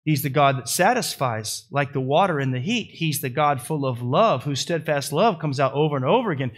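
Man, pastor, sermon, animated pitch, somewhat high voice, folksy asides. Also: a little fast, breathy edge. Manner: lively preaching that swells high and loud at the climaxes.

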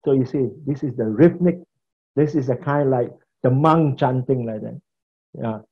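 A male pastor teaching a class on preaching in an animated lecture style, acting out different preaching habits and chuckling now and then. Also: mid-range voice, moderate pace, breathy edge, muffled recording.

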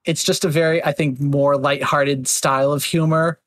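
A man's voice: on the high side, level tone, normal speed, a bit bright, dry recording. A man hosting a casual podcast chat, talking loosely with lots of fillers and slipping into mocking voices. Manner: chatty, filler-heavy, slips into mocking voices. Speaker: podcast host.

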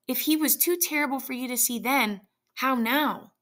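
A woman's voice: on the high side, expressive, normal speed, creaky, fairly bright tone, heavily acted. A woman voicing a frightened elderly husband with a trembling voice in a read-aloud story. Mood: alarmed. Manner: trembling, horrified. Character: shaken elderly husband, fearful and worn.

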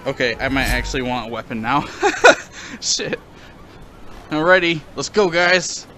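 Excitable gamer yelling battle cries. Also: mid-range voice, fairly quick. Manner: shouts battle cries, trash-talks, laughs a lot. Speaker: gamer playing a VR sword game. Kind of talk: excited gameplay commentary. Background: hip hop music.

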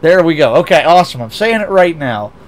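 His voice is fairly high and sing-song, moving fairly quickly, as this young American VTuber chats during a racing game stream. He reads chat aloud, rambles, restarts often, and makes self-deprecating asides.

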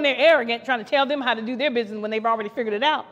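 A woman co-pastor from Ohio, USA, preaches a fervent podcast sermon in a slightly high, very fast, fairly bright voice. She repeats her phrases and laughs now and then, and the recording carries a long hall reverb.

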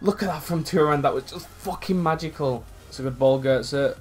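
This young gaming YouTuber talks at a moderate pace while commentating on a football video game match he's playing, with faint music in the background. His commentary is excitable and full of swearing, moving from quiet mutters to loud bursts.

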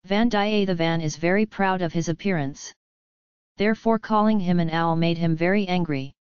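Smooth low-voiced woman narrator. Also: normal speed, darkish tone, dry recording, muffled recording. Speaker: audiobook narrator. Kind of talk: scripted narration.

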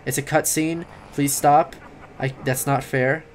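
A tired young man giving late-night game commentary, rambling, swearing and yelling at the game. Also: fairly high pitch, fairly even intonation, unhurried, a little hiss or hum. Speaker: gaming commentator.

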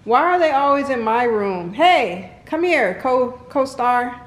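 A woman's voice: on the high side, expressive, slow, few pauses. A woman filming a casual home vlog, chatting playfully with her kids and dog. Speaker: vlogger. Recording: echoey room with faint noise.

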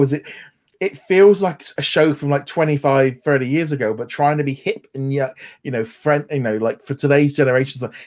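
Rambling chatty male podcast co-host. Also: on the high side. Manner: rambling, many restarts and fillers, animated. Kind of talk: casual chat.

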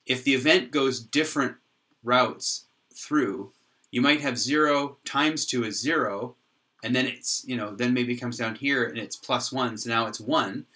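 A man's voice: medium pitch, sharp tone. Man explaining code at a whiteboard, distant. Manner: thinking aloud, frequent restarts and pauses. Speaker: software developer explaining his code. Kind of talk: whiteboard tutorial. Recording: voice from a distance off the mic.

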